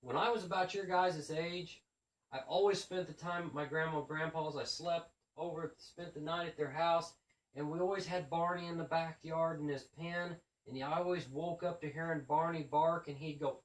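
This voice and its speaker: A man's voice: on the high side, normal speed. A man, a children's book author, casually telling stories about his school visits and acting out how he talks to the kids. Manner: animated, acts out his classroom patter to kids. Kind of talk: casual storytelling monologue. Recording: roomy sound from a distant mic.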